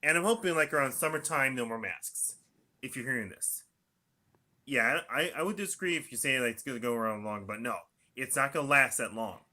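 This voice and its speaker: A young man rambling through a monologue, filling the pauses with "mm-hmm" and "and also". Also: medium pitch, lively intonation, bright, forceful tone. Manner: repetitive, punctuated by "mm-hmm" and "and also". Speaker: video diarist.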